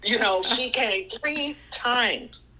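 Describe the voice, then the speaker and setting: A woman's voice: a little high, takes it slowly, poor audio. A woman guest telling personal stories in a conversational way, acting out other people's lines. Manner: animated, quotes people in voices. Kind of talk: conversational storytelling.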